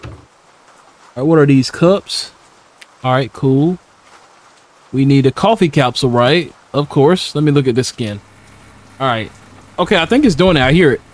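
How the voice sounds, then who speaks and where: This young man is a gaming YouTuber commenting casually as he plays a horror game. He uses slang, laughs a lot, and answers the characters. His mid-range voice moves at a moderate pace with long pauses.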